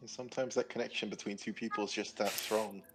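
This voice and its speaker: A man's voice: on the low side, fairly even intonation, fast, fairly bright tone, faint music behind. A man playing in a tabletop game, talking casually in rambling thoughts that trail off. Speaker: player.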